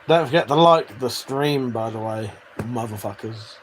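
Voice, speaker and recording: A man's voice: mid-range voice, moderate pace, slight background noise. A man hosting a livestream, reading out chat messages in a casual, joking way, swearing freely and laughing often. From Britain.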